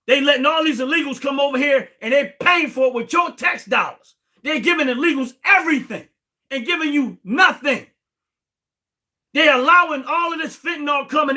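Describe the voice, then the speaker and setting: An American man hosting a livestream, ranting in an indignant, repetitive way and often raising his voice to a shout. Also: very high-pitched. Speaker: livestream host. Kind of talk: heated political livestream rant.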